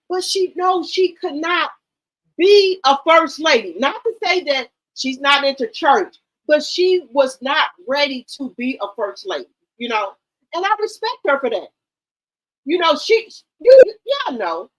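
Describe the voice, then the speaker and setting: A woman's voice: sits high, fairly bright tone, poor audio. A middle-aged woman hosting a casual livestream, talking bluntly to her viewers and repeating herself for emphasis. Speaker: livestream host.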